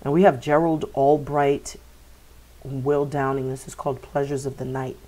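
A woman's voice: a bass voice, flat delivery, normal speed, mellow. A woman doing a spiritual tarot reading for her viewers, talking in a meandering way with many fillers and repeated words. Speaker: tarot reader.

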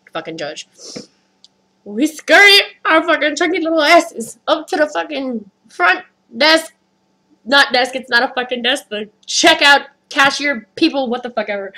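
A woman's voice: high voice, animated, moderate pace, bright, forceful tone, rough recording. A woman vlogger ranting through a storytime with heavy swearing, upset and rattled. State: upset, skin crawling. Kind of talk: storytime rant.

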